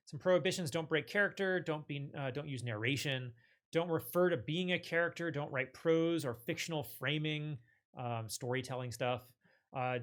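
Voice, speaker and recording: Man with a slightly raised pitch who explains software casually and keeps correcting himself mid-sentence. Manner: loose, filler-heavy, frequent self-corrections. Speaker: tech tutorial presenter. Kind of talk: casual screen-share walkthrough.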